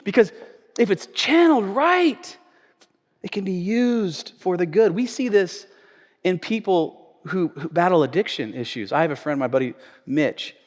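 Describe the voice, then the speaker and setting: A male pastor preaching a sermon in a church sanctuary, conversational, swinging from loud emphasis to quiet asides. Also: high-pitched, sing-song, normal speed. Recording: echoey church hall.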